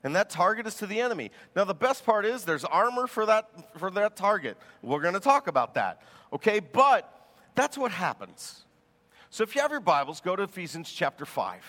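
A man preaching a sermon as pastor, telling stories in an animated way and laughing as he goes. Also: sits high, normal speed, in a large hall.

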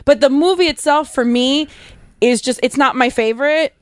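A woman with a slightly high voice, chatting about films in a loose, rambling way. The recording is dry and close, with no echo. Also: normal speed. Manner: chatty, uses many fillers and restarts. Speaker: podcast co-host. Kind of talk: casual movie-review chat.

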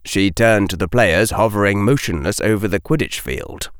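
A man narrating an audiobook in an expressive, dramatic manner. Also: fairly low pitch, normal speed, smooth, no echo, clean studio sound.

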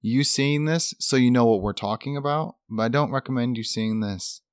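A man's voice: mid-range voice, normal speed, no echo, clean studio sound. A man co-hosting a podcast, talking in an upbeat, rambling way with lots of fillers. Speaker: podcast co-host. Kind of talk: casual chat.

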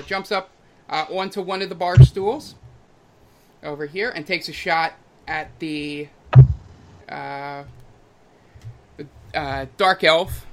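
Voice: medium pitch, a bit bright, slight background noise. A game master narrating a tabletop fantasy game in a loose, hesitant way with many fillers.

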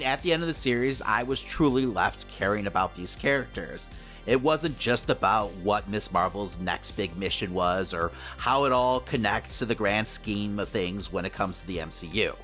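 A man's voice: on the low side, normal speed, bright, forceful tone, soft background music. A man co-hosting a pop-culture podcast, talking casually and leaning heavily on "you know" and "like". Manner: chatty, lots of "you know" and "like" fillers. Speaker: podcast co-host.

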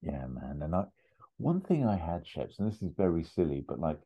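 A man co-hosting a podcast, chatting casually and retelling scenes in a rambling, animated way. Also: deep voice, normal speed, husky, dull audio. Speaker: podcast co-host. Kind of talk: casual chat.

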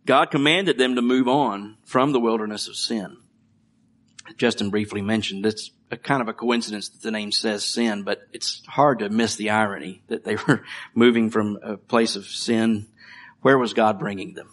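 A man's voice: lowish voice, fairly even intonation, normal speed, fairly bright tone. A middle-aged man preaching a conversational sermon, reading scripture and joking about his children. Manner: conversational, with light jokes and laughs. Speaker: pastor.

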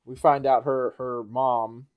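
A man hosting a podcast in casual chat, halting with fillers and laughing often. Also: medium pitch, flat delivery, clean tone, phone-quality sound. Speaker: podcast host.

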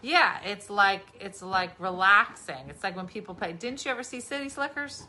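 A woman's voice: medium pitch, moderate pace, bright, forceful tone. A middle-aged woman from New Jersey, a comedian, chatting casually with her kid in a dry, teasing, sarcastic way. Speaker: comedian and podcast host.

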